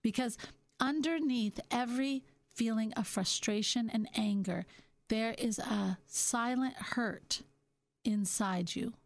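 A middle-aged woman hosting a reflective self-help talk, musing gently and slowing down on her key points. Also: on the high side, no room sound. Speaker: podcast host.

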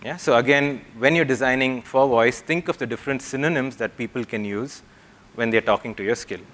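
A young man giving a conference talk, explaining patiently and often checking in with the audience with a quick "yeah?". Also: medium pitch, fairly bright tone. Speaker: conference speaker. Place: conference hall.

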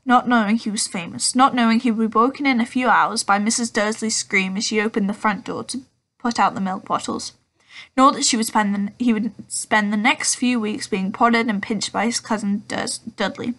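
A woman's voice: on the high side, a bit bright. A woman reading a children's book aloud, often stumbling and correcting herself. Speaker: audiobook reader.

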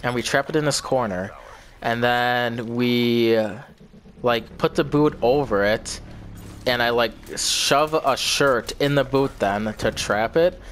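A man's voice: medium pitch, slow pace, fairly bright tone. Young male vlogger, casual rambling storyteller who curses a lot, faint background hiss. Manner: rambling, swears often, repeats himself.

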